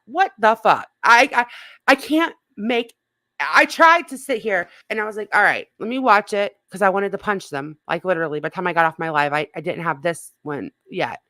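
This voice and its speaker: Bright, dry-voiced New woman. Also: mid-range voice, no room sound. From New York. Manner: heated, profane, laughs often. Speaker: YouTube commentary host. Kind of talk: casual reaction chat.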